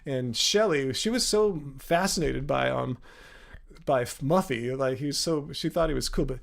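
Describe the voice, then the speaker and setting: A man's voice: mid-range voice, normal speed, vocal fry. A man from the United States hosting a live Q&A stream, talking in a loose, rambling way full of fillers. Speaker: host.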